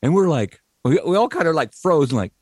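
Animated rambling storyteller, man in his 60s. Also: on the high side, fairly quick, dry recording, studio quality. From US Midwest. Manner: rambling, animated, frequent restarts and fillers. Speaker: podcast co-host. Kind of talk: casual storytelling.

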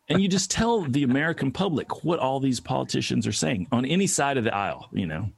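A man chatting casually and comedically, riffing on ideas with quick mock voices. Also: medium pitch, animated, gravelly, husky, dry recording. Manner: joking, riffs into brief mock voices.

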